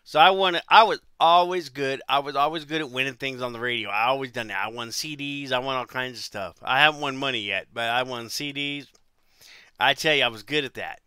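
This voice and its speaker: Brief: man, 40s, casual vlog storyteller, rambling and repetitive, smooth and very bright tone, dry close sound. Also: medium pitch, a little fast, no echo. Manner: rambling, repeats himself, restarts phrases. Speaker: vlogger telling life stories.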